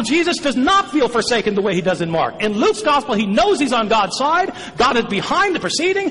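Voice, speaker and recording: A man presents his side of a formal debate, pressing his point with one rhetorical question after another. His voice sits very high and moves with lively swings of pitch. A long hall reverb trails behind every phrase. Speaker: debate participant.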